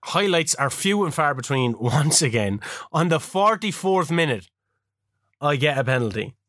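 A man co-hosting a casual chat show, swearing freely and laughing often as he tells animated stories. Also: on the high side, normal speed, no echo, studio quality. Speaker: podcast co-host.

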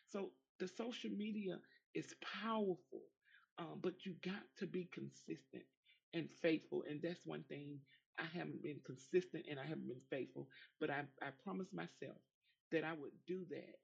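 Woman, gravelly, husky, emphatic rambling testimony, dull lo-fi audio. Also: sits low, normal speed. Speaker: audio chat room participant. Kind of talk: heartfelt personal testimony.

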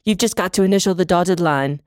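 A podcaster voicing a bright, businesslike young girl with a clipboard in a fan fiction reading. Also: mid-range voice, dry recording, studio quality, natural voice. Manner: brisk and bright.

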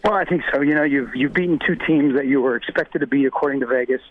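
A man with a hoarse voice from a cold, giving football analysis on a sports radio show in a measured, conversational way. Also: mid-range voice, no room sound. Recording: phone-line audio.

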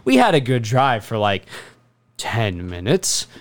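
A man's voice: mid-range voice, wildly swooping pitch, takes it slowly. A young man on a podcast telling a comic story as a rant, swearing often and laughing in exasperation. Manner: profane, exasperated, laughing ranter. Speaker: podcast co-host.

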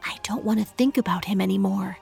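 A woman voicing a tender, adoring young goddess who speaks in a soft, hushed, breathy way. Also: a little high, normal speed, soft background music, voice pushed up.

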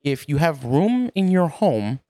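A man co-hosting a casual podcast chat, talking in an animated way, swearing and laughing often. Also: fairly high pitch, unhurried, slight background noise. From New York. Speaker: podcast co-host.

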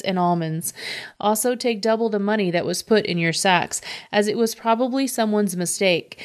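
A woman's voice: mid-range voice, natural voice. A woman reading the lines of an old grieving father, in a plain read-aloud delivery. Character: old grieving father, fearful of losing sons.

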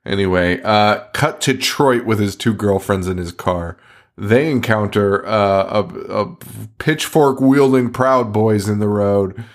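A man's voice: on the low side, slow. A man hosting a podcast, recapping a movie in casual chat, swearing often and laughing in disbelief. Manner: profane, laughing, incredulous storytelling. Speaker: podcast host.

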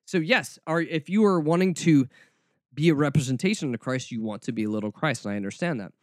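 A man's voice: on the high side, brisk, dry recording, clean studio sound. Snarky rambling male podcast host. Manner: snarky, rambling, animated with frequent restarts. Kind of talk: casual monologue.

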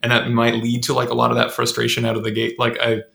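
Gravelly man in an echoey room. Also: mid-range voice, monotone, fast, sharp tone. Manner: hesitant, thinking aloud. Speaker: podcast co-host. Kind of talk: conversational interview.

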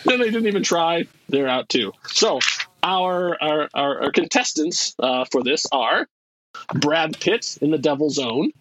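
A man co-hosting a casual movie podcast, talking in an animated way, laughing often and restarting his sentences. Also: on the high side, unhurried, slight background noise, low-quality recording. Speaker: podcast co-host. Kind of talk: casual chat.

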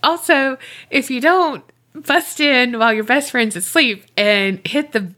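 A woman co-hosting a podcast, telling a rambling story in animated casual chat, swearing and laughing often. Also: high voice, a little slow. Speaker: podcast co-host.

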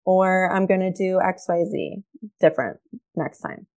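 A woman's voice: on the low side, measured pace, gravelly, a little mellow. A woman in her thirties, a therapist and podcast guest, speaking earnestly and emphatically and repeating her key points. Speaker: guest, behavioral health therapist. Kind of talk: conversational podcast interview.

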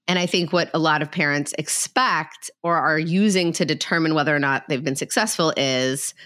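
A woman psychologist talking casually and practically as a guest, candid and quick in bursts. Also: low-pitched, a bit bright, dry recording, clean studio sound. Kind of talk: casual expert talk.

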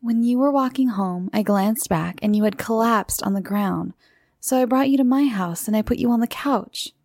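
A woman's voice: on the high side, normal speed, no echo, voice pushed up. Woman doing a nervous young boy. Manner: anxious, hushed.

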